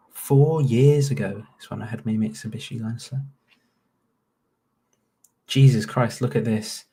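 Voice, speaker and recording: A man's voice: fairly low pitch, measured pace, long pauses, warm tone, husky. A man in his late twenties with a Northern English accent, rambling and swearing through casual reaction commentary. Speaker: YouTuber.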